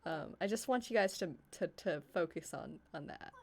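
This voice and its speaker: A woman's voice: lowish voice, animated, normal speed, darkish tone. A woman narrating as game master of a tabletop game, casual and giggly, with fillers.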